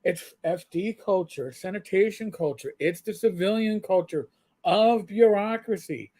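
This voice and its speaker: A man's voice: high-pitched, unhurried, mellow. Blunt rambling ex-cop man. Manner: rambling, frequent fillers and restarts, blunt profanity. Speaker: retired police sergeant, guest. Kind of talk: casual storytelling chat.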